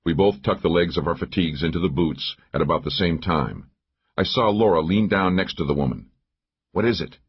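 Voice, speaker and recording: A man narrating a first-person thriller audiobook in a steady, measured way. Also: sits low, slightly rough, muffled recording.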